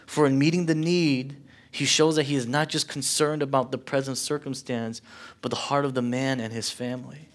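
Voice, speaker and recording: A man preaching a sermon, his voice pushing louder as he builds through rhetorical questions and sinking quiet when he quotes. His pitch sits in an ordinary middle range. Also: fairly even intonation, moderate pace. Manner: impassioned preaching, swelling louder on questions and dropping low for quotes. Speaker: pastor.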